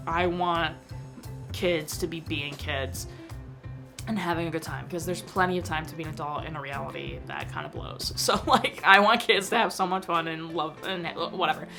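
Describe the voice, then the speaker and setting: With music in the background, a young woman vlogger speaks in a low, expressive voice at normal speed. She casually chats about a movie she watched, using plenty of fillers and emotional asides, as movie reviewers on vlogs often do.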